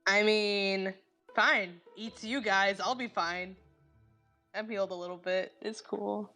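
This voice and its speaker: A woman in a tabletop game session, talking casually and teasing the others. Her voice sits at an ordinary middle pitch. Soft music plays underneath. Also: takes it slowly, pauses often. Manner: playful, teasing. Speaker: player.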